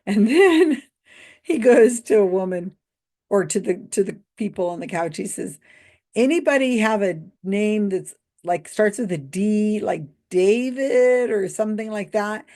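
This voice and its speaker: Woman commentator, middle pitch, chatty and amused, laughs a lot. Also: expressive, unhurried, warm tone. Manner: amused, laughs often while retelling. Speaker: YouTube commentator; mentalist. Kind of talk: casual commentary monologue.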